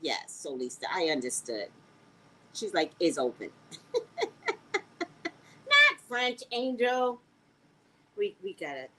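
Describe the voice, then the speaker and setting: Squeaky, animated woman streamer. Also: slow, pauses often, slight background noise, rough recording. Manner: sassy, animated, talks back to viewers. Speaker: live-stream host. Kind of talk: casual live-stream quiz chat.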